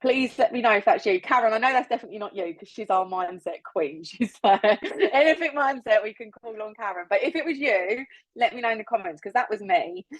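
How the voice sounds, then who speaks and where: A woman's voice: medium pitch, lively intonation, a little fast, no echo, rough recording. A woman leading a casual, motivational team training on a video call, chatty and upbeat, laughing often and repeating words for emphasis. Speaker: business team leader giving training.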